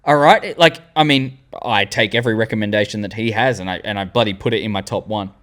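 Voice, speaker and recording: A young Australian man in his twenties, hosting a fan tier-list vlog and rambling excitedly with the odd swear word. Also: fairly low pitch, fast talker. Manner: animated, rambling, swearing, loses words mid-sentence. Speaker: channel host.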